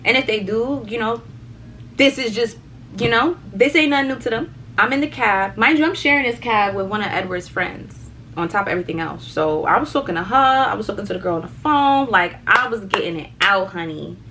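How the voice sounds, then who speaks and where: A young woman vlogger chatting casually through a story, animated, swearing and repeating words for emphasis. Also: medium pitch, a little fast, slight background noise, low-quality recording.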